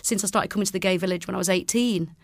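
A woman's voice: medium pitch, rapid-fire, no room sound, studio quality. A Mancunian woman in her forties, a children's entertainer, chatting in an interview, laughing often and acting out the voices of people she quotes. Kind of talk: casual interview chat.

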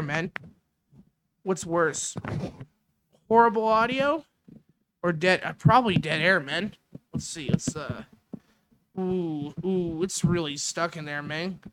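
Here the Canadian podcast host goes on another rambling, sarcastic, crude solo rant through his windscreen-covered studio mic. His high, fairly bright voice has lively intonation, and he takes his time, pausing often. A little hiss or hum can be heard.

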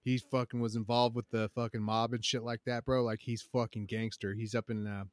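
A man telling stories in a casual chat, profane and animated, saying "bro" constantly. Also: mid-range voice, a little fast, no echo.

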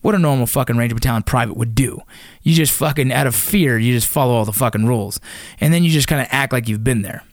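A man's voice: mid-range voice, quick pace, no echo, clean studio sound. A young man, a former Army Ranger, casually telling rambling, profane stories from his training. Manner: profane, rambling, frequent restarts. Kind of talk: casual war storytelling.

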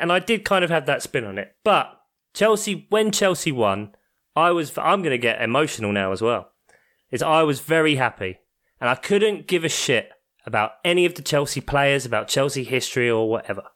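Male co-host, animated pitch, slightly high, teasing and laughing easily. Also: a little fast. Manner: teasing, laughs often, swears casually. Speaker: podcast co-host. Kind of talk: casual chat.

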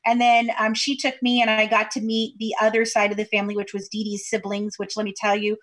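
A woman's voice: mid-range voice, little pitch movement, quick pace, a bit bright. A woman from Kentucky, a podcast guest, chatting over a video call in a chatty storytelling way with many fillers. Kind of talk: casual interview chat over video call.

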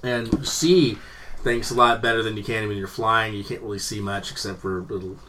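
Bright-voiced man telling rambling stories. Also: on the low side, fairly even intonation, normal speed, a little hiss or hum. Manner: rambling, profane storytelling with laughter. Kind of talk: casual chat.

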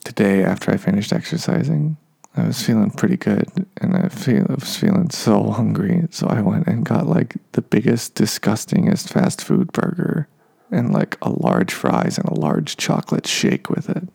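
A man's voice: fairly low pitch, big pitch swings, normal speed, gravelly, a little mellow, husky. A man in his thirties talking to his podcast listeners in a casual, meandering monologue full of fillers and self-deprecating asides. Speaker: podcast host.

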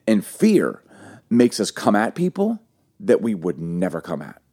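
A man in his forties co-hosting a casual talk, an animated storyteller who repeats phrases for emphasis. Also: fairly low pitch, measured pace, breathy edge. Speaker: podcast co-host. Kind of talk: casual chat with teaching.

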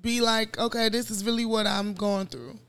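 A woman's voice: on the high side, steady tone, moderate pace, fairly bright tone, clean tone. A young woman co-hosting a podcast in casual chat, teasing and blunt. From Nigerian heritage. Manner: teasing, blunt, matter-of-fact. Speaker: podcast co-host.

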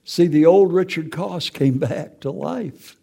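Gravelly older man giving emotional testimony. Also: a little high, slow pace, dark tone. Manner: emotional, storytelling, repeats words. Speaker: testimony speaker. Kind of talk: personal testimony.

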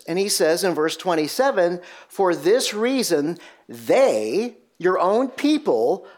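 A man preaching an expository sermon in a conversational, emphatic way, often asking rhetorical questions. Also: sits high. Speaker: pastor.

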